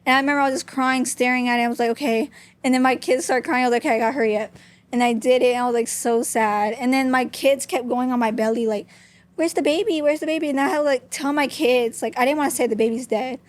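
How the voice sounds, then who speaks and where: A woman's voice: fairly high pitch, steady tone, quick pace. A young woman, a podcast guest, telling a personal story openly and candidly, with many "like" fillers. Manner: open, talks with frequent "like" fillers.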